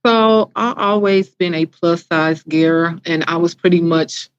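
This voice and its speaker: A woman guest with an accent, telling her story in a plain, soft-spoken, unhurried way. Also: on the low side, smooth, dry recording, lo-fi sound. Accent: foreign accent. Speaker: guest, former patient. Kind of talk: casual interview chat.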